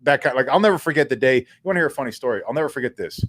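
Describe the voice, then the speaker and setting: A mid-pitched man on a sports talk show tells stories with animated candor and a casual streak of swearing. His voice is recorded close and dry, with no room sound around it. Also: racing, no echo. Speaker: co-host, former pro football player.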